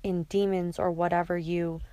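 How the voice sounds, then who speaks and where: A woman's voice: lowish voice, level tone, moderate pace, mellow, no room sound, close to an everyday voice. A woman reading the lines of a frightened but defiant teenage girl in an audiobook, her voice rising and insistent.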